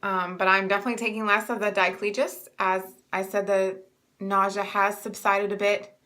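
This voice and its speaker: Young woman chatting to camera, bright voice, bit stuffy and winded, lots of ums. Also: mid-range voice, flat delivery, normal speed. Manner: chatty, rambling with many ums. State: congested and short of breath. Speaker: vlogger sharing pregnancy updates. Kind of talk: casual chat to camera.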